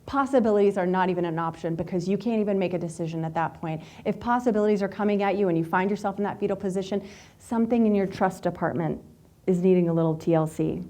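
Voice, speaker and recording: A woman giving a motivational talk to a live group, telling stories in a candid, animated way and swearing freely. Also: medium pitch, fast. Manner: candid, profane, animated storyteller. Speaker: workshop speaker.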